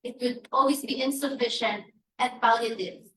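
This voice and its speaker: Emphatic Filipino woman, high bright voice. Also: fairly even intonation, slight background noise. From Philippines. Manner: emphatic, deliberate, listing demands. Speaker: church advocacy speaker. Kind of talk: prepared press briefing statement. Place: conference press room. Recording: echoey room, from a distance.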